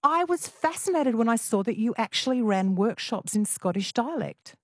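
A woman's voice: a little high, lively intonation, moderate pace, dry recording, clean studio sound. A woman hosting a radio phone-in, chatty and teasing with her listeners. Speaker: radio talkback host.

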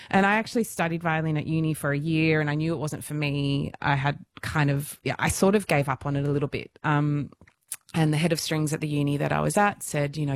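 Low-voiced woman, bubbly storyteller. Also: steady tone, fairly quick. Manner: enthusiastic, self-deprecating, laughs often. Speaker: musical theatre performer, radio guest. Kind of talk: casual radio interview storytelling.

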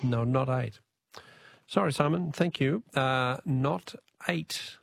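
A man's voice: mid-range voice, slow, gravelly, no echo. A man with an Australian accent hosting a radio quiz, chatty and jokey, laughing often. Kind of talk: casual radio talkback.

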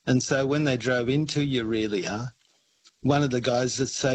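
A man's voice: medium pitch, steady tone, normal speed, breathy edge, poor audio. Man, first-time radio caller, friendly, rambling storyteller. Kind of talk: phone-in storytelling.

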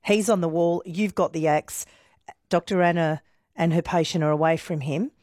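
A woman hosting a morning radio interview, gently reassuring her guest and summarising his story. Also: lowish voice, steady tone, moderate pace, no room sound, studio quality. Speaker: radio host.

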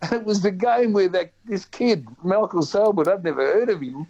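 An Australian man chatting on the radio, with a slightly high voice that keeps restarting its sentences in lively bursts. The sound is dull and lo-fi. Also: normal speed. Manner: chatty and animated, with many restarts. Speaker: guest. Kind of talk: casual radio chat.

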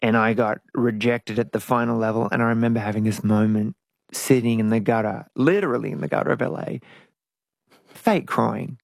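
Gravelly, frank middle-aged woman. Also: a bass voice, fairly quick, dry recording, studio quality. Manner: frank and reflective, animated at times. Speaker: interview guest, singer. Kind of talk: candid conversational interview.

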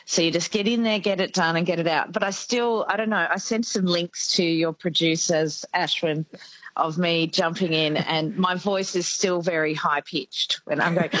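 A woman with an Australian accent hosting a radio show, chatting excitably and quickly, laughing often. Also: lowish voice, no echo, poor audio. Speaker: radio host. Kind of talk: casual radio chat. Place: radio studio.

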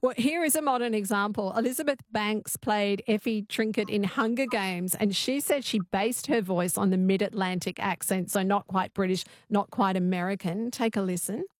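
A woman's voice: medium pitch, moderate pace, few pauses, dry recording. A woman hosting a radio talk show, chatty as she reads listener messages and asks questions. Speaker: radio host. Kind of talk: radio interview. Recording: dry studio sound.

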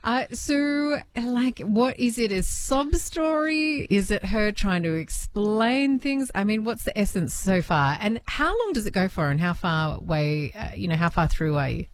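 A woman's voice: medium pitch, lively intonation, moderate pace, few pauses, a little hiss or hum. An Australian woman hosting an afternoon radio show, introducing stories and asking chatty questions. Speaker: radio host. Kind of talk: radio presenting and interviewing.

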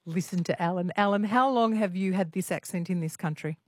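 A woman's voice: fairly low pitch, fairly quick. A woman hosting a late-night radio call-in show, friendly and conversational. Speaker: radio host. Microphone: studio microphone.

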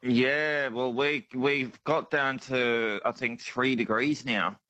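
Bright-voiced Australian man caller. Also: mid-range voice, steady tone, slow, no room sound, highs cut off. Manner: friendly, chatty. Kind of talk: casual radio phone-in.

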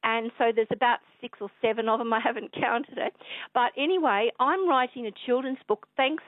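An Australian woman calling a radio show, telling a rambling, excitable story full of fillers. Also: on the high side, moderate pace, no echo. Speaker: caller. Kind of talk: rambling phone call to radio. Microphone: telephone. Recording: tinny phone line.

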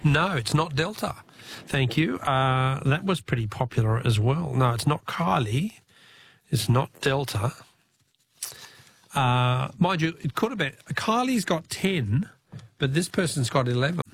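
An Australian man hosting a talkback radio quiz, chatty and quick to laugh, repeating the question for each caller. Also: mid-range voice, lively intonation, husky, no echo, studio quality.

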